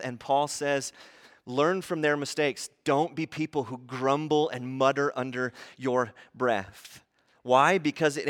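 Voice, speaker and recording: A man in his thirties preaching a sermon, animated and acting out grumbling voices as he teaches. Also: medium pitch. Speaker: pastor.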